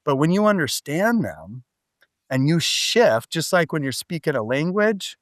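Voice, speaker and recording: Male podcast guest, slightly high voice, lively storyteller, dry close mic. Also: measured pace, dry recording. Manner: animated storytelling, frequent "like" and "right?". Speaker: podcast guest, business coach. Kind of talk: casual interview talk.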